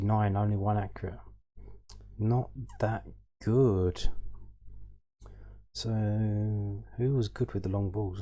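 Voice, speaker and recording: Flat-voiced hesitant man reading stats. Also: on the low side. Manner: hesitant, many ums and restarts, thinking aloud. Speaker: football fan channel host. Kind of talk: casual stats rundown.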